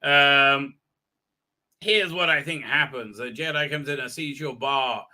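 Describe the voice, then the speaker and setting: A man hosting a livestream, giving a rambling recap of a show with many halting fillers and restarts. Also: medium pitch, bright, forceful tone. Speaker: livestream host. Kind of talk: ranting show recap commentary.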